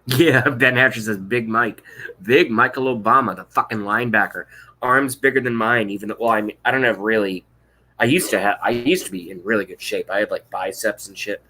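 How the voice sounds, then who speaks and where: A man in his thirties rants on a live stream, blunt, sarcastic and profane. His voice sits low but cuts through with a sharp, forceful edge. He reacts to chat comments as they come in. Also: brisk. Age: 30s. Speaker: political vlogger.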